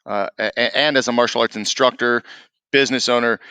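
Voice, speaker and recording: Man, podcast host, bright tense voice, dry close sound, casual chat. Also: medium pitch, fairly even intonation, brisk, smooth, dry recording. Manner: conversational, ends points with "right?".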